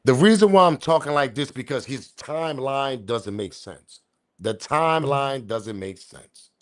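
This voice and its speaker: A man's voice: mid-range voice, animated, a little slow. Incredulous man ranting on a live stream. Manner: incredulous, argumentative, slangy street talk. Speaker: commentary channel host. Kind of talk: animated live-stream commentary.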